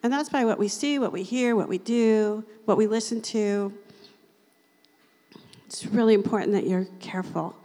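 A woman giving a casual, chatty Bible teaching, laughing often and reading scripture slowly. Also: medium pitch, darkish tone. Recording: long hall reverb.

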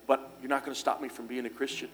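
A man's voice: mid-range voice, little pitch movement, fast talker. A man delivering a church sermon, mixing scripture with homespun stories. He talks in a folksy, easygoing way, full of little fillers and restarts, with faint music behind him. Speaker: pastor.

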